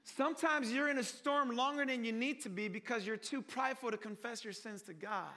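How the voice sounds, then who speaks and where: A man preaching a sermon in an animated, joking way, calling his listeners family and swinging between hushed and loud delivery. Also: extremely high pitch, fairly quick.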